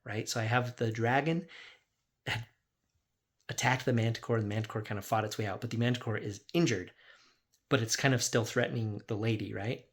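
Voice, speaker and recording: A man's voice: mid-range voice, steady tone, fairly quick, breathy edge. A man who runs a tabletop game as dungeon master, casually recapping his sessions in a rambling way, full of "like.". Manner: rambling, lots of "like", acts out quotes.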